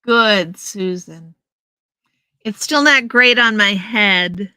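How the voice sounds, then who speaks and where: A woman's voice: mid-range voice, drawn-out words, bright, forceful tone, clean tone, no room sound, rough recording. A woman hosting a casual livestream, chatting with viewers and answering their messages by name. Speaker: livestream host. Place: home, in front of a green screen. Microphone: headset earpiece.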